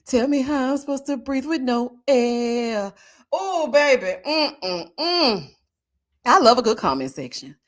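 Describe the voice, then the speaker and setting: Woman doing a chatty live stream, reads comments out loud, laughs a lot, voice kinda high and bouncing all over. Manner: animated, laughs often, drawn-out murmurs of agreement; chatty, talks straight to viewers.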